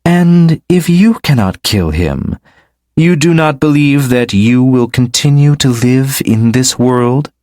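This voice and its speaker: A man voicing a mysterious, alluring woman who speaks slowly and sweetly with a mocking edge. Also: medium pitch, animated, a little mellow, dry recording, studio quality, voice pushed up. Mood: teasing, sly.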